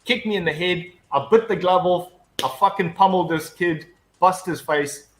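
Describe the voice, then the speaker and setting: Man, slightly high voice, casual storyteller, lots of swearing, rambling restarts. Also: normal speed, slight background noise. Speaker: guest. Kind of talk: casual chat, telling an anecdote.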